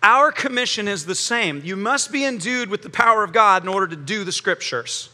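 Man, pastor, sermon, high voice, joking animated delivery, echoing hall. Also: fairly quick. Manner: animated, joking preaching with acted quotes. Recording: long hall reverb.

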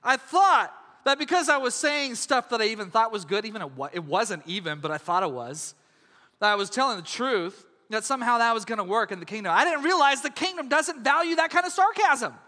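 A man preaching a sermon as pastor, in a lively, conversational way, often asking the congregation whether they follow. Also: very high voice, brisk, in a large hall. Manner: animated, conversational, asks audience questions.

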